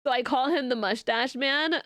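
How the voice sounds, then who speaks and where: A woman's voice: high voice, normal speed. A woman streamer chatting casually with her viewers, rambling and restarting her sentences. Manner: rambling, many fillers and restarts.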